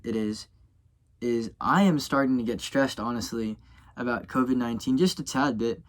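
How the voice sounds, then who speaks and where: Rambling young college vlogger. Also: male voice, mid-range voice. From Louisiana. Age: young adult. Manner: rambling, self-correcting, many fillers. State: tired and yawning. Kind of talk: casual vlog talk to camera.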